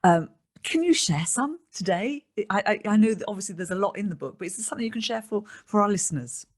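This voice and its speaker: A woman's voice: medium pitch, lively intonation, quick pace. Woman host, chatty and affirming, laughs a lot, asks questions. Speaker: podcast host. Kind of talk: interview conversation.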